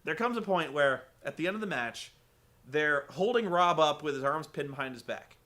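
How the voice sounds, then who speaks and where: A man's voice: fairly high pitch, expressive, normal speed, sharp tone. A man giving a sarcastic, rambling, profane comedic recap of a show as host.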